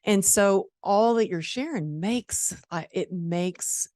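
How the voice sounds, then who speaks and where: A woman's voice: medium pitch, slow, a little mellow, no echo, clean studio sound. A woman in her forties hosting a podcast, sharing personal stories openly with casual fillers. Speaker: podcast host. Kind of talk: conversational podcast interview.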